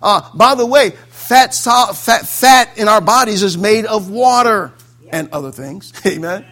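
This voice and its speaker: A man preaching a sermon, fervent and prone to saying amen, swinging between loud exclamations and quiet asides. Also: high voice, animated, a little slow.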